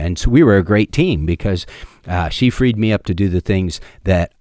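A man's voice: deep voice, expressive, a little fast, a little mellow, no echo, studio quality. A middle-aged man preaching a sermon as a pastor, telling homespun stories with emphatic repeated lines.

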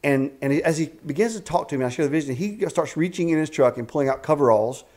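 A man in his fifties, executive director of a ministry camp, telling stories in an animated way in a casual interview. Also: a little high, fast talker. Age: 50s. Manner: animated storyteller with frequent restarts and faith talk. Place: a house at a rural camp.

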